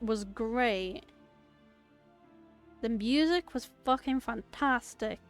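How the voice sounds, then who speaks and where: A woman streaming a live game playthrough, chatty and excitable, swearing casually. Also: a little high, measured pace, soft background music.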